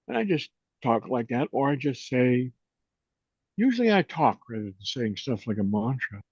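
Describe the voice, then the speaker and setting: A man in his eighties, co-hosting a reflective chat on consciousness and guiding a meditation, unhurried and gentle, often trailing off softly. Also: medium pitch, very animated, breathy edge, no echo. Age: 80s. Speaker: co-host, meditation and consciousness teacher. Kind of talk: reflective conversation and guided meditation. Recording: dull lo-fi sound.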